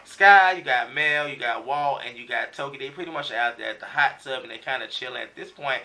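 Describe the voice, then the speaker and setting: Bright-voiced man in a slangy casual recap. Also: medium pitch, fairly quick, recorded from a distance. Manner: loose slangy storytelling with many fillers. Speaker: TV show recap reviewer.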